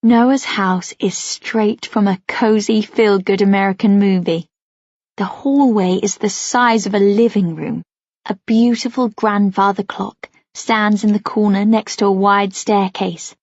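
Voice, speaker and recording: A woman with a husky, breathy voice narrates a first-person novel as an audiobook, gentle and even. The recording is dry and close, with a slightly dull, muffled tone. It sounds like a plain studio read. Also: medium pitch, measured pace, no room sound.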